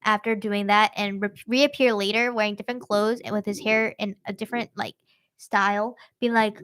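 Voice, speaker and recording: A woman's voice: medium pitch, normal speed, clear, resonant tone. A young woman hosting a true-crime podcast, retelling a case in casual, slangy chat. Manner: slangy, animated storytelling.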